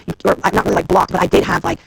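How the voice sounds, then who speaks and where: A woman in her thirties, a reality TV personality, venting on a livestream in a fast, profane, exasperated rant to her viewers. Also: medium pitch, flat delivery, vocal fry, noisy background. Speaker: reality TV personality and executive producer. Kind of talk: Instagram live rant to viewers.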